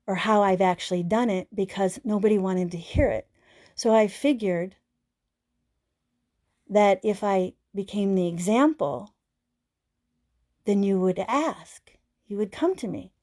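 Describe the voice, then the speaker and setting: A woman's voice: medium pitch, a little mellow. A woman in her fifties giving an earnest live-stream talk on self-healing, speaking straight to her viewers. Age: 50s. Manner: earnest, repeats herself, speaks straight to the audience. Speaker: self-healing teacher and host.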